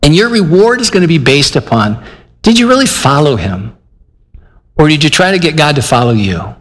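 A man's voice: a little high, sing-song, moderate pace, fairly bright tone. An older man from Michigan preaching a conversational sermon, earnest and plainspoken, acting out his own inner dialogue as he talks. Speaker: pastor. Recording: long hall reverb.

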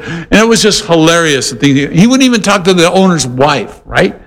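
A man preaching a sermon, animated and conversational, with playful voiced asides. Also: on the high side, a little fast, hardly any pauses, long reverb tail. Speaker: pastor.

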